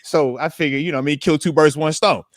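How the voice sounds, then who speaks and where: A man, a former pro football player, co-hosting a casual sports podcast and telling animated stories. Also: fairly high pitch, fast, no room sound, studio quality. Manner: animated storyteller, acts out voices.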